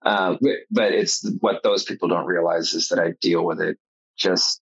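A man with a very low, husky voice talks in loose, rambling casual chat. He swears freely and slips into sarcasm. The sound is close and dry. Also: fairly even intonation, moderate pace, no echo, lo-fi sound.

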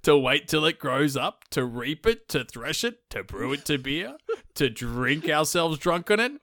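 A man's voice: fairly high pitch, sing-song, measured pace, fairly bright tone, no room sound, studio quality, heavily acted. A man voicing a cheeky, boastful talking horse in a comic folktale retelling, rattling off a long sarcastic list.

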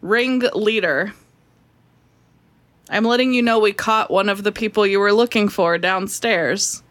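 A woman's voice: mid-range voice, unhurried, a bit bright. A young woman playing a tabletop role-playing game, improvising her character playfully. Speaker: player.

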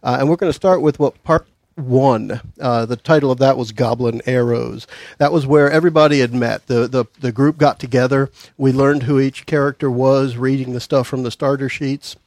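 A man's voice: mid-range voice, fairly even intonation, darkish tone, no echo. Male podcast host and game master, casual, dry close sound, some stumbles. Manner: halting, repeats words while recapping.

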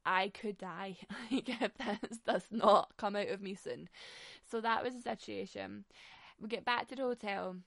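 Chatty young woman, gravelly. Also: mid-range voice, dry recording, studio quality. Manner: chatty, swears a lot, laughs often. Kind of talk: casual storytelling monologue.

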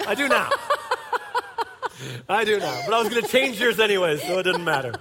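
A man in his forties with a notably high voice tells a lively, laughing story from a church stage. His words ring out with a long hall reverb. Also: moderate pace, a crowd in the background. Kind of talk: humorous personal storytelling to a congregation. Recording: echoey hall.

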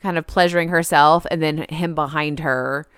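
Woman, podcast co-host, casual chat, giggly, says "like" a lot, smooth clear voice, dry close sound. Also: deep voice, steady tone, moderate pace, a bit bright, no echo. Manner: chatty, giggly, peppered with "like". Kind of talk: casual chat recapping a film.

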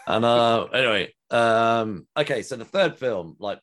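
A man with an English accent hosting a casual film chat over a remote call, talking freely with many fillers. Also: measured pace. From England. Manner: chatty, lots of "like" fillers, lively pitch swings. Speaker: podcast host.

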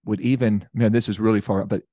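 A man's voice: fairly low pitch, steady tone, fast talker, dark tone, no room sound. Male podcast co-host, playful banter, dry recording. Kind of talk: casual chat.

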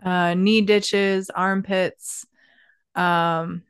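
A woman hosting a casual podcast interview, relaxed and encouraging, laughing often. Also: lowish voice, extremely slow, smooth, no echo, studio quality. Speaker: podcast host. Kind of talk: casual chat.

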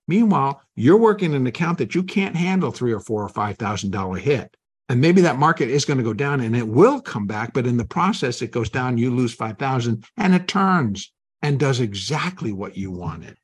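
Older man, husky voice, trading coach, animated, acts out voices. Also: mid-range voice. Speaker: trading educator. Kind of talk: live trading talk.

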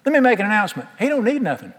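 A man's voice: high-pitched, very animated, rapid-fire, a bit bright, breathy edge. A man preaching a sermon, folksy and emphatic, firing rhetorical questions at the congregation. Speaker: pastor. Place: church sanctuary. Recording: long reverb of a large hall.

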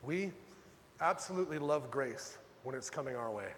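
A man preaching a sermon as pastor, dramatic, swinging from loud urgent pleas to hushed low lines. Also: animated, normal speed, big-room sound, a little hiss or hum.

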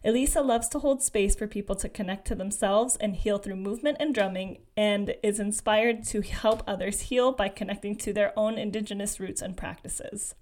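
A woman's voice: mid-range voice, moderate pace, hardly any pauses, darkish tone. A woman hosting a podcast, upbeat and gushing, interviewing a guest with many fillers. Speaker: podcast host.

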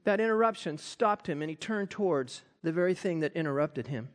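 A man preaching a sermon, animated and acting out quoted voices. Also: fairly high pitch, brisk. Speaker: pastor.

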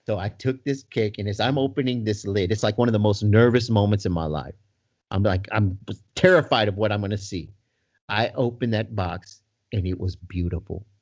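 A man's voice: on the low side, normal speed. A man telling a personal story casually, with lots of "you know" and acted-out voices. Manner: animated, full of "you know", acts out voices. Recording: dull lo-fi recording.

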